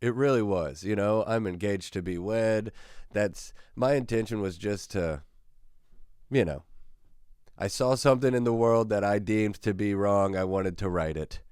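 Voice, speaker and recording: A man with a lowish, smooth, resonant voice tells a long rambling story in a casual monologue. He mocks himself and gets worked up as he goes. The sound is close and dry. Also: a little slow, a little mellow, dry recording. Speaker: podcast host.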